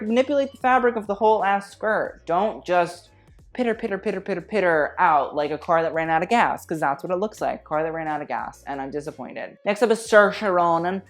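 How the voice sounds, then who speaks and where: A woman giving casual fashion commentary, blunt and opinionated with a slangy way of talking, with faint music behind. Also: mid-range voice. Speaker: fashion critic vlogger.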